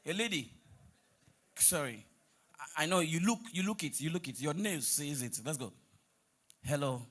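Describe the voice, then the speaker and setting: A male comedian with a Nigerian accent teases his audience during on-stage crowd work, dropping into pidgin and now and then singing a few lines. His fairly high voice is expressive and a bit bright, moving at a moderate pace.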